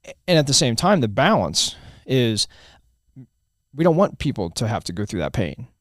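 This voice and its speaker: A man's voice: medium pitch, sing-song, moderate pace, no room sound, clean studio sound. A man hosting a podcast, talking in a reflective, casual way and reaching for analogies. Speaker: podcast host. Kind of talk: casual conversation.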